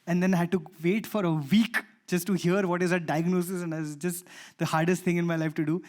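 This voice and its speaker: Animated Indian man, slightly high voice. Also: fast. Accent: Indian English. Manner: animated, acts out dialogue in his stories. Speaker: conference panelist. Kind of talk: personal storytelling talk. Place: conference panel stage.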